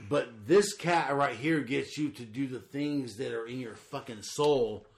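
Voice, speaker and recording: A man co-hosting a casual comic book chat, halting with restarts and swearing heavily. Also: medium pitch. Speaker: comic book podcast co-host.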